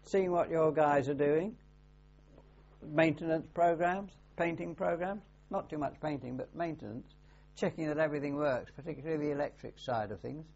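Older man, naval veteran, slightly high voice, dry humor, muffled lo-fi recording. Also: normal speed, creaky, a little mellow, soft background music. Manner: dry humor, anecdotal, brief answers. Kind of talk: oral history interview. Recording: dull lo-fi recording.

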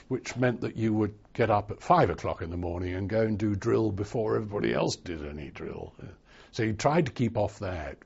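An older man looks back in an oral history interview, unhurried and wry. His low voice is gravelly and a little husky. The recording sounds dull and lo-fi. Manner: slow, wry storytelling.

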